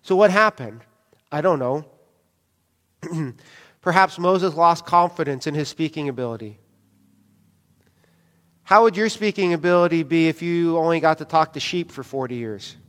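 A man's voice: on the high side, animated, moderate pace, pauses often, fairly bright tone. A male pastor preaching a sermon in a conversational way, often asking the congregation questions. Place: church hall. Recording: long reverb of a church hall.

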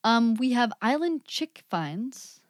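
A woman's voice: a little high, very animated, slow pace, dry recording, clean studio sound. A woman co-hosting a podcast in casual, chatty conversation. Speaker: podcast co-host. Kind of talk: casual chat.

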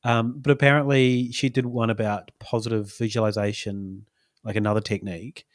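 A man's voice: lowish voice, little pitch movement, moderate pace, no room sound, clean studio sound. A man, co-hosting a casual podcast chat and telling a rambling story with many fillers. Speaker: podcast co-host.

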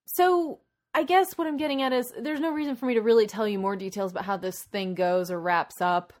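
A woman's voice: mid-range voice, fairly quick. Woman rambling through a movie plot. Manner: rambling, animated plot retelling with many asides. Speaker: podcast co-host. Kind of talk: casual chat.

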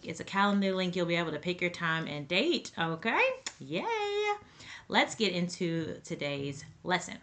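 Bright, chatty woman podcast host. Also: medium pitch. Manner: chatty and informal, addresses listeners as y'all and sisters. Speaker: podcast host and parenting coach. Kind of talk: casual podcast monologue.

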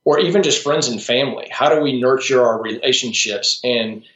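With a medium pitch, moderate pace, and fairly bright tone, a man who coaches strengths talks as a podcast interview guest. His manner is thoughtful yet casual, marked by frequent restarts and asides, and the audio comes across as roomy, dull, and lo-fi.

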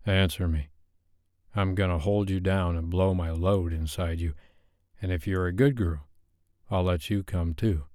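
A man voicing a commanding, teasing grown man in an audiobook, speaking low and firm. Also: steady tone, unhurried, warm tone, no room sound, studio quality.

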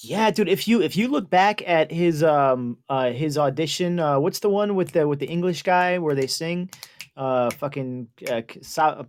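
Male co-host, easygoing, a bit high, casual joking chat. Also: lively intonation, normal speed. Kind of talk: casual banter.

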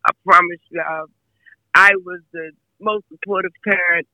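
A woman's voice: fairly low pitch, steady tone, normal speed, bright, forceful tone, no echo, rough recording. A woman talking casually as an interview guest about her son, emphatic and fond of repeating herself. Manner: chatty, emphatic, repeats phrases. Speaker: guest, mother of a football player.

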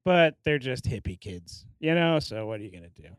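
A man's voice: medium pitch, very animated, a little fast, clear, resonant tone, no echo, clean studio sound. A man, a teacher, telling wry stories as a guest in a casual podcast chat.

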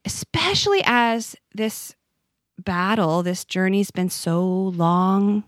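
A woman's voice: mid-range voice, lively intonation, slow, no room sound, clean studio sound. A woman speaking as a podcast guest, earnest and reflective as she talks about her faith. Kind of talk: conversational interview.

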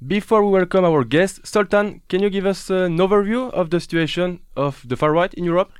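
A man with a high-pitched, smooth voice, native French and speaking with a French accent, opens a radio show with playful energy and wordplay. He talks a little fast, with music underneath and no echo.

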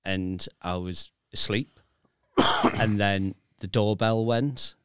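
Low-voiced man telling a scary tale. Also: takes it slowly, smooth, no echo. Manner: earnest, emphatic, swears. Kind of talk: casual podcast chat.

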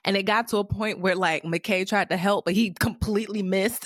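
A woman co-hosting a casual chat about a TV show, animated and profane, who often mimics characters in a higher voice. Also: moderate pace, dry recording, clean studio sound. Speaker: podcast co-host.

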